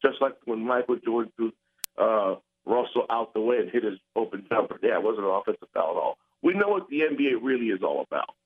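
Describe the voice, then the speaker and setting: A man's voice: on the low side, lively intonation, fast talker. Older male caller on a tinny phone line. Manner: passionate, insistent, argumentative.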